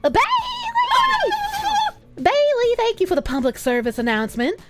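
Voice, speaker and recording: Giggly high-voiced woman streamer. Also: sing-song, fairly quick. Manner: giggly, loud outbursts, swearing. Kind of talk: casual live-stream chat reading donations. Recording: faint music behind voice.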